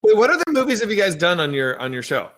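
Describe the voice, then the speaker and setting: Upbeat male guest, bright higher voice. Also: fast talker. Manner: enthusiastic, repeats himself when excited. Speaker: guest filmmaker. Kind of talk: casual interview chat.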